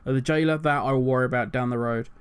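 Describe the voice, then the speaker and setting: A man's voice: medium pitch, steady tone, fast, clear, resonant tone. A man hosting a gaming channel, ranting animatedly with exasperated rhetorical questions. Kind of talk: casual commentary rant.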